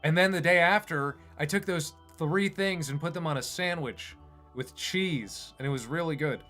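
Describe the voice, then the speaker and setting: A man who makes animations online, a streamer and animator, chats casually on a livestream with a slightly high, somewhat bright voice at a moderate pace. He rambles and pokes fun at himself while faint music plays behind him.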